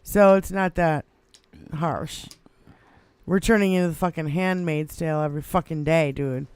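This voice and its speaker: A man's voice: on the high side, normal speed, clear, resonant tone, dry recording. A man co-hosting an internet talk show, ranting about politics with heavy swearing and frequent laughter. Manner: swearing, animated, laughing a lot. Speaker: podcast co-host. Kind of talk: profane political rant.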